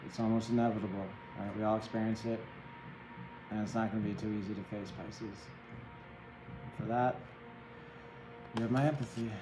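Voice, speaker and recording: A man's voice: fairly low pitch, steady tone, moderate pace, pauses often, reverberant, music in the background, poor audio. A man giving a casual tarot reading, chatty and empathetic, rambling and checking in with the listener often. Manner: chatty, empathetic, rambling with many "right?" tags. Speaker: tarot reader.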